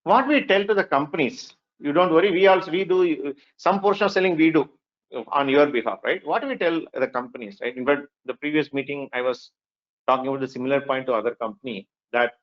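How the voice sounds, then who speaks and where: A man with an Indian English accent giving a lively classroom lecture, often asking the students "right?" and whether they agree. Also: a little high, brisk, lo-fi sound. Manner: lively, mixes in Hindi phrases. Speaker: workshop instructor.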